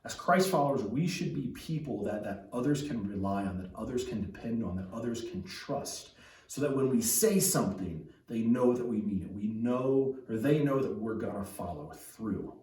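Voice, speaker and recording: A man's voice: fairly low pitch, animated, moderate pace, mellow, echoey room, far from the mic, rough recording. A man preaching a sermon as a pastor, talking in a conversational way with frequent restarts and asides. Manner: conversational, with many restarts and tag questions. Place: church.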